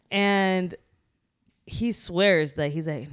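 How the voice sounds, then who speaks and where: A woman's voice: fairly low pitch, slow, clean tone, no echo, studio quality. A woman co-hosting a podcast, telling stories expressively and teasing her husband in casual chat. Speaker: podcast co-host.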